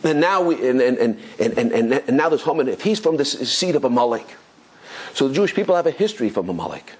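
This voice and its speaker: A rabbi giving an animated Torah class, telling stories excitedly with stumbling repetitions and chuckles. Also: male voice, medium pitch, fast, husky. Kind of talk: animated Torah lesson with storytelling.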